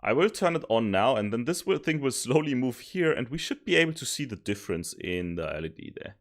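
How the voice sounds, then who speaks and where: A man streaming while he codes, thinking aloud, mocking his own mistakes and sometimes yelling happily. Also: mid-range voice, brisk. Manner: thinks aloud, self-mocking, bursts of excited yelling and laughter. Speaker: streamer coding a simulation tool. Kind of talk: casual live coding commentary.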